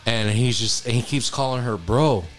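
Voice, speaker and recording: A man's voice: mid-range voice, moderate pace, soft background music. A man co-hosting a podcast, telling rambling crude stories and stumbling over repeated words. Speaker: podcast co-host. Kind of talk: casual crude storytelling.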